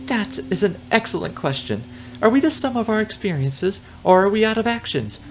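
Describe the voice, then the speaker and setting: A man's voice: high-pitched, sing-song, normal speed, background noise, pitched above the performer's own voice. A man voicing a dreamy female giant cockroach from the far future who muses about philosophy. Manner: airy, musing.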